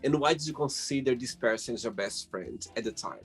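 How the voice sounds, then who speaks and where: A man's voice: medium pitch, expressive, a little fast, slightly rough, soft background music. A man hosting an interview over a video call, reading questions aloud and laughing often. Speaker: host. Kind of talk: casual interview chat.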